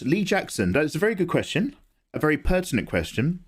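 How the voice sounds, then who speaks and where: Young man, chatty streamer, slightly high voice with lots of movement, close desk mic. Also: sing-song, quick pace, breathy edge. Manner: chatty, jokey, rambling. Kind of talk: casual live-stream chat.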